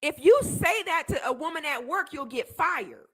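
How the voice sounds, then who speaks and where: As a debate panelist reacting to a video clip, a young woman gives heated, indignant commentary, emphatic and repeating herself. Her voice is high-pitched and animated, at a moderate pace.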